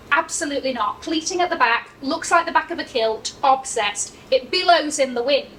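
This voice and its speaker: A woman's voice: high voice, normal speed, few pauses, fairly bright tone. A young British woman hosting a closet tour, chatting and teasing her friend playfully. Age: young adult. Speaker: vlog host. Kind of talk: casual chat. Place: home closet, echoey room. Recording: roomy, distant, faint noise.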